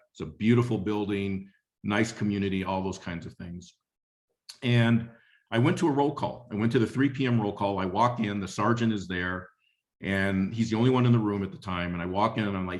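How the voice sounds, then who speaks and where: Low-voiced man telling a leadership story. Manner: conversational storyteller, repeats phrases. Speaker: webinar speaker on leadership. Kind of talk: motivational talk with anecdote.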